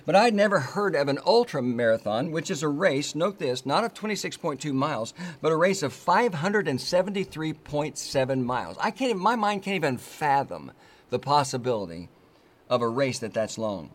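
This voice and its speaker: A man preaching a sermon from the United States, earnest and measured, stressing key words and repeating phrases for emphasis. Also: fairly high pitch, expressive. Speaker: pastor.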